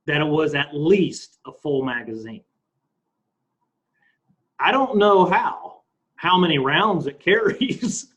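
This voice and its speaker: A man co-hosts a relaxed talk show and reads a transcript aloud word by word. His voice sits a little high and moves through a lively range. The audio sounds a bit muffled. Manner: slow, deliberate reading. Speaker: podcast co-host. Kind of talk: casual chat, reading a transcript aloud.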